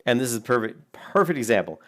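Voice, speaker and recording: A man's voice: medium pitch, sing-song, quick pace, faint music behind. A man giving casual, rambling reaction commentary on game clips, swearing freely and laughing often. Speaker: gaming video commentator.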